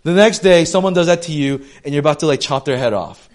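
A young man preaching a sermon in a conversational, animated way, full of casual slang and asides. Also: on the high side, quick pace. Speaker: pastor.

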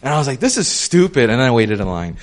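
Talking fast in a mid-range voice, this young man preaches a relaxed, chatty sermon. His stories are animated and peppered with fillers like "um" and "like".

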